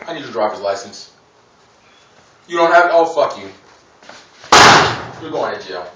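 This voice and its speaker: A dismissive police officer speaks low and clipped, as a comedian puts him on. His tone is cold and condescending. The voice comes from a distance in an echoey room. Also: expressive, unhurried, dull audio, very noisy. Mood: contemptuous. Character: curt, contemptuous male police officer.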